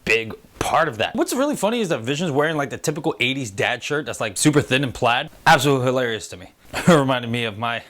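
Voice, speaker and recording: A man's voice: mid-range voice, big pitch swings, quick pace, a bit bright. A man in his thirties hosting a casual review show, talking loosely, swearing freely and acting out quotes in silly voices. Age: 30s. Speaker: host. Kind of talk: casual spoiler review chat.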